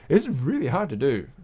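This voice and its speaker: A man's voice: fairly high pitch, darkish tone, slightly rough. A man hosting a livestream, casually talking through a hands-on craft demonstration at his workbench, explaining each step as he works and laughing now and then. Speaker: livestream host. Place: home workbench.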